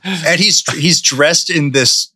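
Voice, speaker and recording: A man's voice: a little high, slow pace, sharp tone, slightly rough. A man co-hosting a casual podcast chat, mocking a film's choices with incredulous humor.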